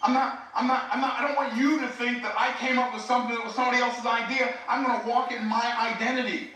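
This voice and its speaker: Bright-voiced preacher in his sixties. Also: extremely high pitch, level tone, quick pace. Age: 60s. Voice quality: conversational, addresses the audience directly. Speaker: preacher and speaking coach. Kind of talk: live teaching talk. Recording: roomy, distant mic.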